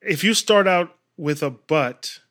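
Brief: male study-group member, fairly high and bright, insistent in debate. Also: slow. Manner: careful reader, argues his point insistently. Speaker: Bible study participant. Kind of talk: scripture reading and discussion.

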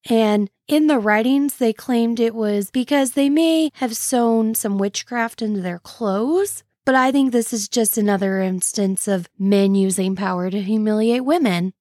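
A woman's voice: a little high, a little mellow, no room sound, studio quality. A woman hosting a casual history podcast, telling the story with wry, sarcastic asides. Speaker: podcast host.

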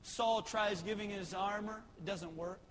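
High-voiced preacher in a hall. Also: male voice, unhurried, a bit bright, a little hiss or hum. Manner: storytelling, conversational with acted quotes. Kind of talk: sermon.

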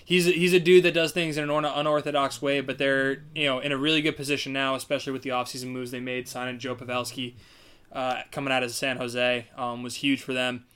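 A man's voice: mid-range voice, flat delivery, a bit bright, clear, resonant tone. A man co-hosting a casual sports podcast, swearing freely as he rants through the news. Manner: swears freely, fast ranting. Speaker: podcast co-host.

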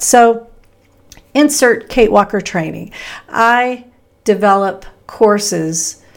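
A middle-aged woman from Texas with a Midwestern American accent, hosting a solo podcast in an upbeat, conversational way with emphatic pauses. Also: fairly high pitch, darkish tone. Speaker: podcast host.

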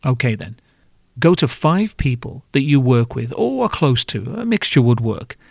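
A man's voice: mid-range voice, very animated, normal speed, gravelly, a little mellow, no room sound, clean studio sound. A man hosting a podcast, delivering a scripted comic monologue in a wry, self-mocking way with casual swearing. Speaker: podcast host.

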